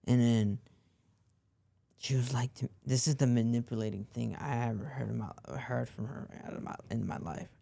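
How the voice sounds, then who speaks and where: A man's voice: mid-range voice, fairly even intonation, normal speed, gravelly, dark tone, no room sound. A young man hosting a podcast, telling a personal story in a rambling way and leaning on "like" and repeated phrases. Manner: rambling, repeats himself, lots of "like". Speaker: podcast host.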